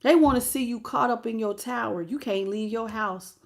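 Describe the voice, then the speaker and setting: A woman giving a live tarot reading in a blunt, slangy, animated way, greeting chat viewers as she goes. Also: fairly high pitch, normal speed, gravelly. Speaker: tarot reader.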